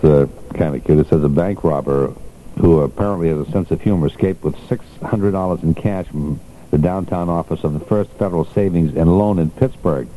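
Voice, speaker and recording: A man's voice: deep voice, warm tone, slight background noise, low-quality recording. Older man hosting chatty radio talk. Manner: chatty, laughing, reads items aloud. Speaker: radio host. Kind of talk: casual radio chat.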